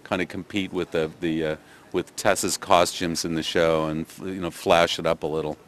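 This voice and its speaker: Deep-voiced Canadian man, older. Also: level tone, normal speed. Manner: thoughtful, many restarts and fillers. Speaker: theatre director. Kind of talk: press interview.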